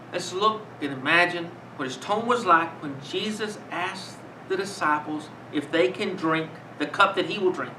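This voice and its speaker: An older man preaching a sermon to a congregation, earnest and measured, asking rhetorical questions. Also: a little high, background noise. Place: room with a congregation. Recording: roomy, distant mic.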